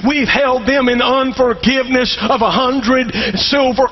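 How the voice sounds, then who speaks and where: A pastor preaching in a church, his voice pitched very high for a man and husky around the edges. He draws call-and-response from the congregation and climbs into shouting at the peaks. The sermon recording sounds dull and lo-fi. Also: steady tone, unhurried, few pauses, faint music behind. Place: church sanctuary.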